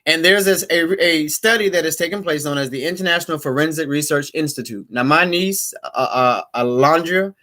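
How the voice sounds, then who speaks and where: A man's voice: fairly high pitch, normal speed, hardly any pauses, bright, forceful tone. A middle-aged man hosting a live-streamed talk show, chatting casually and playfully with his viewers. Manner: chatty, addresses viewers directly, playful asides.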